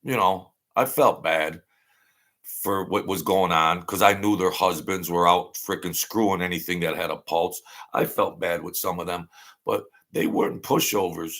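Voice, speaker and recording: A deep, gravelly middle-aged man, talking bluntly on a casual livestream. He rambles and circles back, repeating the same line a few times over. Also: fairly even intonation, normal speed, a bit bright. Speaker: livestream host.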